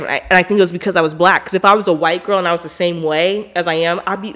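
Talking quickly in a lowish voice, this woman hosts her podcast as a casual solo monologue. She's animated, blunt and profane, hammering her points home with a steady stream of "like."

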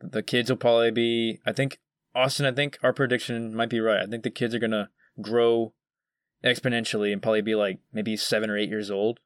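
A man's voice: mid-range voice, flat delivery, a little fast, no echo. Guy on a podcast, mid voice, laid back, kinda hedgy, dry mic. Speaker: podcast co-host. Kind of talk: casual chat.

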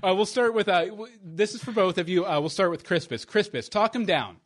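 A man's voice: high voice, expressive, brisk, fairly bright tone, dry recording. A man hosting a podcast in casual chat, rambling and chuckling as he corrects himself. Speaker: podcast host.

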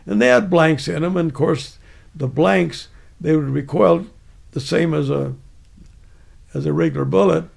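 A man's voice: a little high, normal speed, gravelly, long pauses, a little mellow. An older man casually telling a rambling, chuckling anecdote from his army days. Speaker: veteran storyteller.

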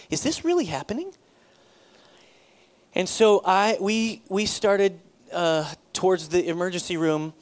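A middle-aged man, a pastor, telling a personal story in a sermon, acting out the dialogue with sudden loud bursts. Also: on the high side.

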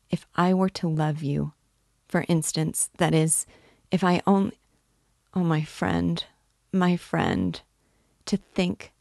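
A woman reads an emotional young woman torn in love, who pleads and breaks off halfway through her sentences. The voice sits low and slow, with a gravelly edge. The sound is close and dry. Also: a little mellow, dry recording. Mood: pleading. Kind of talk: dramatic reading of a novel.

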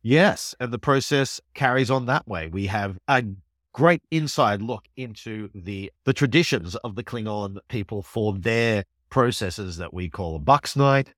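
A man with a low voice co-hosts a podcast. He recaps an episode with animated enthusiasm. The sound is dry and close. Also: measured pace, no room sound. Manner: enthusiastic, animated storytelling with laughs. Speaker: podcast co-host. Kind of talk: casual chat recapping an episode.

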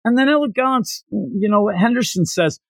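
A man in a casual podcast chat, recapping with animated energy and acting out lines with sudden leaps in pitch. His voice sits a little high for a man. The sound is dry and close, with no room echo. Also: moderate pace. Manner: animated, acts out quotes with jumps in pitch. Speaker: podcast co-host.

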